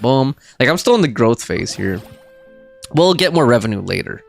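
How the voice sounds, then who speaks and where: A man's voice: medium pitch, big pitch swings, moderate pace, gravelly, faint music behind. A man in his thirties streaming a game, reading viewer chat aloud and bantering with a laugh. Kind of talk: casual live stream chat.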